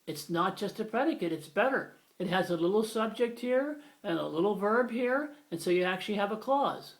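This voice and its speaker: A man's voice: high-pitched, lively intonation, normal speed, hardly any pauses. A man giving a grammar video lesson, patient and emphatic, repeating his key phrases. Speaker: grammar teacher.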